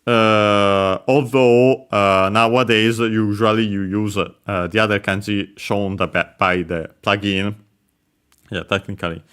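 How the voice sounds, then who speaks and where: A man giving a casual language lesson, explaining slowly with many hesitant pauses and fillers. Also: on the low side, a bit bright, smooth. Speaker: language teacher.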